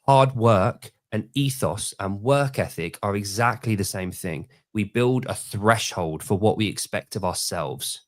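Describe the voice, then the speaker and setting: A man in his forties from Britain, hosting a casual podcast chat and telling stories with lively energy. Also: fairly low pitch, unhurried, few pauses, no room sound, clean studio sound. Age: 40s. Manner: animated storyteller, mimics people in quoted voices. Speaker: podcast host.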